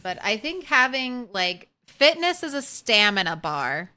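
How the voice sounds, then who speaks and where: A woman's voice: fairly high pitch, very animated, a little slow, sharp tone, clear, resonant tone. A young woman streaming a survival game, chatting casually and swearing now and then as she talks to viewers and her animals. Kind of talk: casual gameplay commentary.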